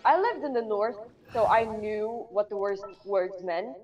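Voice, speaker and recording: A woman's voice: mid-range voice, lively intonation, unhurried, darkish tone, far from the mic. Chatty young woman with a French accent. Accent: French-accented English. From Luxembourg. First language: Luxembourgish. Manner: chatty, many "like" fillers. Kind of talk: casual chat on a livestream.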